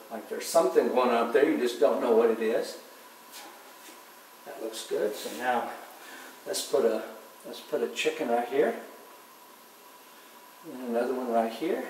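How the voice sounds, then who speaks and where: A man giving a relaxed painting demonstration, talking softly and unhurriedly, often trailing off quietly as he works. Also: medium pitch, a little hiss or hum. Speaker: painting instructor. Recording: distant mic in an echoey room with faint ambience.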